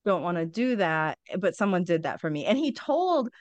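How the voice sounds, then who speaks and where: A woman's voice: on the low side, big pitch swings, moderate pace, no echo. A woman in her forties, a podcast guest, telling a candid personal story bluntly, with wry humor and frequent swearing.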